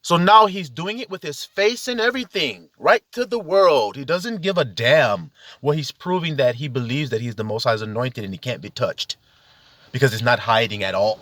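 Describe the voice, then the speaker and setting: A man's voice: fairly high pitch, a bit bright, no room sound. A man giving an impassioned spiritual monologue from inside a car, exhorting his listeners with rhetorical questions. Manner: exhorting, fired-up, peppered with rhetorical questions to the audience. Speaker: self-styled preacher.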